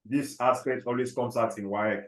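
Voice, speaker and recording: A man's voice: medium pitch, fairly even intonation, echoey room, low-quality recording. A man teaching chemistry in a classroom, dictating notes and often checking whether the class follows. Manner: repeats key phrases slowly, checks understanding often.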